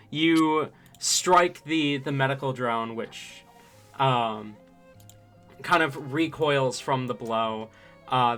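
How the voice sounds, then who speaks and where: A man running a tabletop game as game master, narrating in an unhurried, meandering way. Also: medium pitch, bright, forceful tone.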